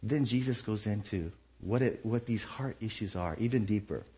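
A man preaching a sermon in a conversational, animated way, acting out the voices he quotes. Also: lowish voice, moderate pace, slightly rough. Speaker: pastor.

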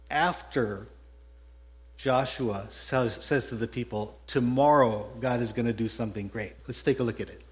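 A man with a Texan accent, a pastor giving a conversational sermon that mixes scripture with a personal story, often correcting himself mid-sentence. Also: medium pitch. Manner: conversational, self-correcting, chuckles at his own stories.

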